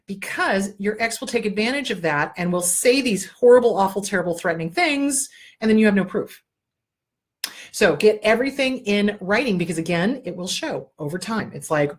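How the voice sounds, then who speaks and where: A woman's voice: mid-range voice, animated, normal speed. Woman host, blunt and emphatic, swears freely, hammers points home by repeating them. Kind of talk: advice talk show.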